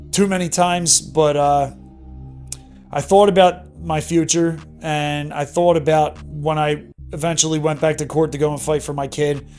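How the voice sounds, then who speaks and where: Man in his thirties, slightly high voice, earnest, candid vlog storytelling, soft music behind. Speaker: vlogger. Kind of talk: personal story monologue.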